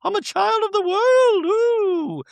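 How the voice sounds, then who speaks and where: A man doing a comedic impression of a breathy, glamorous, self-absorbed woman in a squealing falsetto with baby-talk noises. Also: animated, takes it slowly, no echo, full character voice. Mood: airy, gushing.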